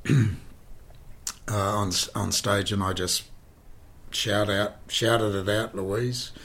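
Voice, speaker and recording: Low-voiced actor spinning stories. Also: male voice. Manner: animated, dramatic pauses, repeats words for effect. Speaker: stage actor. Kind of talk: anecdotal interview storytelling. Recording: faint background noise.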